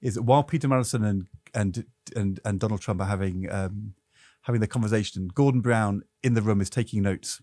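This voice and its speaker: A middle-aged man, a former politician, telling stories in lively casual chat as a podcast co-host. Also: fairly low pitch, a little fast. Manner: animated, storytelling.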